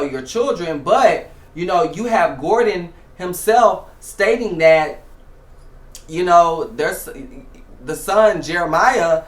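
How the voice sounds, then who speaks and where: A man's voice: a little high, a bit bright. A man hosting a show, giving casual reality TV commentary in a chatty way, with many fillers and restarts. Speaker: show host. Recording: echoey room.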